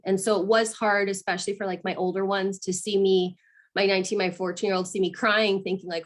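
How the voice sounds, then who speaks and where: Earnest woman with halting restarts. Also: mid-range voice, fairly even intonation. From Arizona, USA. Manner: earnest and emotional, halting restarts, laughs often. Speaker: guest, mother sharing her story. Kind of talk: candid interview talk.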